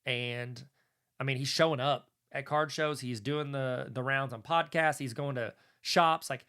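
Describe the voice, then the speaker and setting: A man hosting a casual solo commentary, rambling and self-deprecating in an animated way. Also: medium pitch, measured pace, smooth. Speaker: host.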